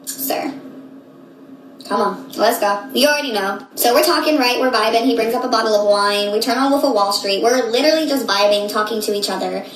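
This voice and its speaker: A woman in her late twenties telling a story casually, animated and slangy, acting out what people said. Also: fairly high pitch, fast, hardly any pauses, roomy sound, poor audio. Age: late 20s. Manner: animated, slangy, acts out quotes.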